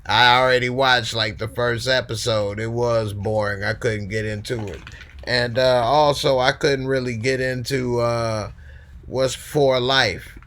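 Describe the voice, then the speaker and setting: A man hosting a live call-in stream in a relaxed, slangy way, reading out and answering viewer comments. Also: medium pitch, measured pace. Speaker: host of a live call-in show. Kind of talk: casual live-stream chat.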